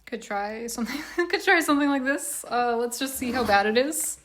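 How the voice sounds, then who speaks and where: A woman's voice: a little high, a little fast, hardly any pauses, echoey room. A woman chatting casually on a live stream from a laundry room, a bit congested and sniffly, nervous and self-deprecating.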